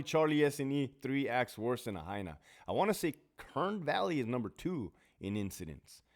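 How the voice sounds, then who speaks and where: A man hosting a casual talk show, swearing freely as he tells stories and reads off viewer names. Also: medium pitch. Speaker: host, former prison officer. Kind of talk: casual storytelling monologue.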